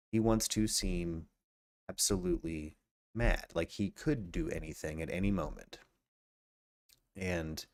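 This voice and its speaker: A man hosting a live true crime podcast stream, reading facts aloud and breaking off to chat casually with viewers. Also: sits low. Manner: reads facts aloud then riffs casually, greets chat viewers, many restarts. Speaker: podcast host.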